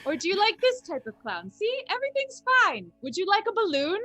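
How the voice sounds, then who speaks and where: A woman's voice: extremely high pitch, huge pitch swings, fairly quick, pushed and bright, no room sound, soft background music, full character voice. A woman playing a bored court clown in a tabletop game, teasing and mock-threatening with playful menace.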